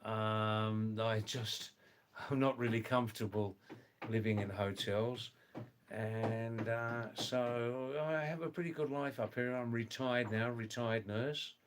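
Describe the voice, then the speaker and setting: An older man with an accent between British and Australian, a retired nurse chatting on a live stream slowly and deliberately. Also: mid-range voice, slight background noise. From England, raised in Australia. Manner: slow, deliberate, with many fillers. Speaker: livestream host, retired nurse. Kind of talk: casual live-stream chat.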